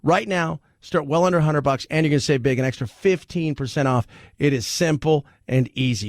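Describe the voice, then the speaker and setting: Gravelly joking talk radio host. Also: male voice, fairly high pitch, a little fast, dry recording, clean studio sound. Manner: joking, animated, laughs often. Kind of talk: casual talk radio monologue.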